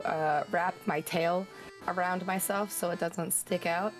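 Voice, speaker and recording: Player in a tabletop stream: a woman with a lower voice, playful and giggly. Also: fairly even intonation, unhurried, soft background music. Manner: playful, giggly, describing her character's plans. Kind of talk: casual chat in a tabletop game.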